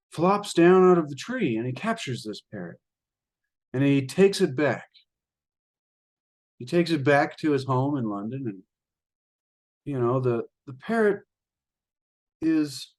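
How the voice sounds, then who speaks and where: A man reading from a spiritual book and retelling a fable in a casual, rambling way, addressing listeners as ladies and gentlemen. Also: on the high side. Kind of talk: reading aloud with spoken commentary.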